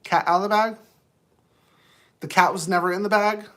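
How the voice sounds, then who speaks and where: A man's voice: high-pitched, steady tone, moderate pace, fairly bright tone. A male streamer rambles casually to his live chat, playful and loose. His talk drifts between silly jokes and earnest musing, with no set script. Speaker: livestream host.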